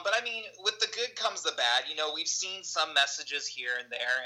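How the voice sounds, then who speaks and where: A man speaks as an interview guest in an earnest, chatty way. His tone is very bright and his pitch sits slightly high. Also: poor audio. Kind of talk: casual storytelling.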